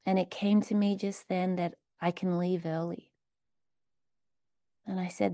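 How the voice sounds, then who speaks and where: A woman leading a guided meditation within a recovery talk, speaking slowly and soothingly with repeated phrases. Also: on the low side, little pitch movement, dark tone, dry recording, studio quality. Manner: slow, soothing, repetitive phrasing.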